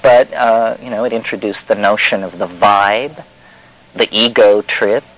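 A man's voice: lowish voice, fairly even intonation, unhurried, a bit bright, poor audio. A man giving a discursive spoken talk in a wry, meandering and emphatic way, full of fillers. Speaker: lecturer.

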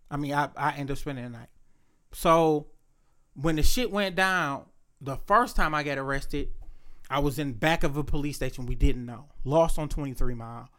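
A man spins a personal story in a relaxed conversational chat. His voice sits a little higher than most men's. He talks bluntly and swears freely, acting out the quotes with lively energy. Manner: profane, blunt, animated retelling.

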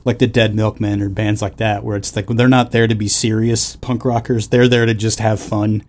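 A man's voice: fairly low pitch, level tone, moderate pace, darkish tone. A man hosting a podcast in casual chat, rambling with lots of laughs and fillers. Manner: rambling, laughing, jumps into sung bits. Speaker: podcast host.

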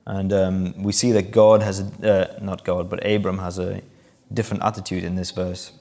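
A man with a fairly low voice preaches a sermon, walking listeners through a scripture passage. He explains in a conversational way and lifts his voice to act out the quoted lines. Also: level tone, moderate pace, mellow. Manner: explanatory, acts out quoted lines with rising emphasis.

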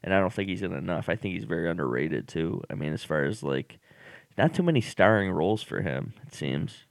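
A man's voice: sits low, expressive, fairly quick, creaky, dry recording, studio quality. A man co-hosting a podcast in casual chat, rambling with many fillers and restarts. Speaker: podcast co-host.

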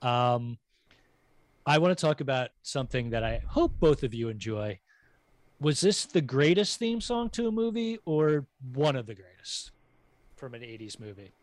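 A man's voice: mid-range voice, big pitch swings, moderate pace, no echo. A man hosting a casual podcast chat, joking and teasing his guests while sharing movie music trivia. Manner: jokey, teasing, trivia-loving. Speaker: podcast host.

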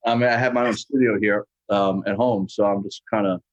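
A man's voice: fairly low pitch, steady tone, a little fast, no room sound, lo-fi sound. A man from New York, a musician and guest, chatting from his home studio and rambling with constant "you know"s. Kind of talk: casual interview chat.

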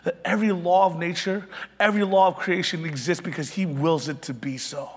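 A man's voice: high voice, steady tone, fairly quick, husky. Passionate preaching man in a reverberant hall. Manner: passionate, swings from loud emphasis to hushed near-whispers. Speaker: pastor. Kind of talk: sermon.

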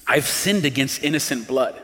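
A man preaching a sermon as pastor, earnest, rising to emphatic pleas and dropping low and quiet. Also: animated, normal speed, in a large hall.

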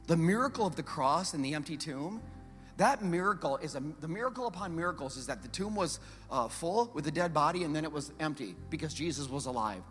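A man preaching a sermon as a pastor, telling the story in a lively, conversational way, swinging from loud urgency to hushed emphasis and putting rhetorical questions to the congregation. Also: on the high side, in a large hall.

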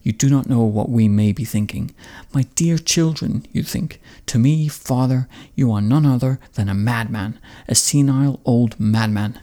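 A man's voice: medium pitch, normal speed, warm tone, lightly acted. A man reading the lines of a blunt, defiant young warrior son, cold and direct.

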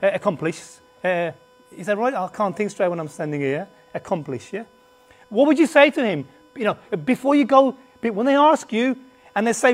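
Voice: mid-range voice, animated, brisk. A preacher teaching a Bible class to a live group, conversational, with restarts and asides, who often and emphatically puts questions to the audience and has a slight cough. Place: standing before a group in a meeting room.

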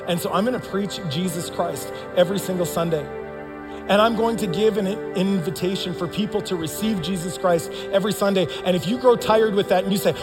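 High-voiced pastor preaching in a reverberant hall. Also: male voice, fairly quick. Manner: earnest, emphatic preaching with sudden loud acted outbursts. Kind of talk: sermon. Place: church sanctuary. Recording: long reverb of a church hall, faint music.

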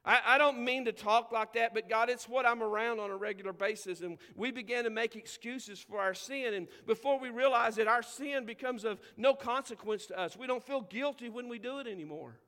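A man preaching a sermon as pastor, with emphatic delivery, drawn-out scripture quotes and conversational asides to the congregation. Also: very high-pitched, bright, forceful tone, in a large hall. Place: church sanctuary.

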